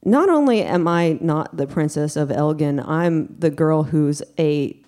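A woman's voice: low-pitched, expressive, unhurried, mellow. Wry woman telling a personal story. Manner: chatty and wry, many "like" and "you know" fillers. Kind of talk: personal story told to an audience.

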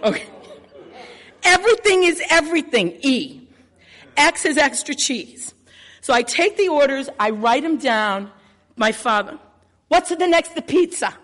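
A woman's voice: high voice, animated, measured pace, long pauses, fairly bright tone. A woman telling a personal story live, brash and swearing freely as she acts out scenes. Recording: long hall reverb.

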